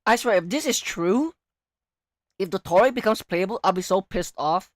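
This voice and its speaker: A woman streaming her reaction to a game, jokey and animated, swinging between shouts and near-whispers as her voice wears out. Her pitch roams widely, heard close on a dry mic. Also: moderate pace, no room sound. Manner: animated, jokey, loud then hushed. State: losing her voice.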